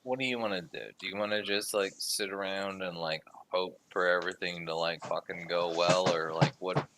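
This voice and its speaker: A man in a casual political debate on a stream, blunt and profane, halting with many fillers. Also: low-pitched, fairly even intonation, fairly bright tone, slight background noise.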